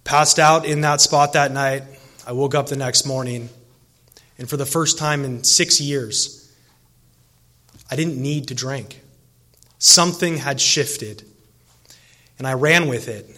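A man's voice: medium pitch, takes it slowly, pauses often, sharp tone. A man in recovery telling his personal story to a gathering, earnest and emotional, with many fillers and restarts. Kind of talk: personal testimony speech.

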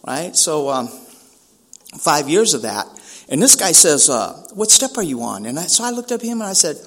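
A man's voice: a little high, big pitch swings, normal speed. A man from San Francisco giving a personal recovery talk, speaking casually with street slang, often saying "man" and acting out dialogue.

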